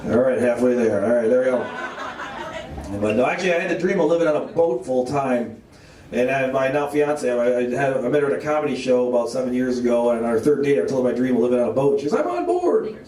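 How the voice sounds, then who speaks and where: A man's voice: medium pitch, quick pace, recorded from a distance. A man doing a stand-up comedy set on a club stage, telling rambling self-deprecating stories to an audience that laughs along. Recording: echoey club, voice off-mic, crowd laughter.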